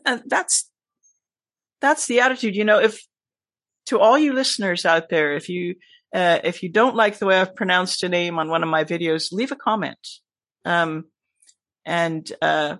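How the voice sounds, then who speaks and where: A podcast guest talking casually and warmly to listeners, often restarting sentences. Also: mid-range voice, no echo. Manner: chatty, restarts, friendly to listeners. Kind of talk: casual conversation.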